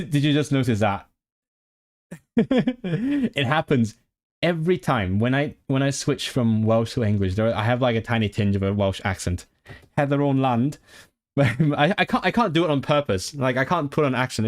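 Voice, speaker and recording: A man with a mid-range voice talks fast on a casual livestream study session. As a language-learning streamer, he thinks aloud while studying, sounding out new words and repeating them.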